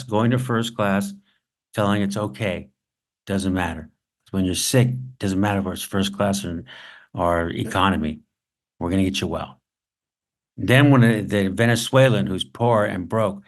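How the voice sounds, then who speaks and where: Gravelly man teaching storytelling. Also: sits low. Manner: anecdotal, with dramatic pauses. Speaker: writing instructor. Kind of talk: masterclass storytelling lesson.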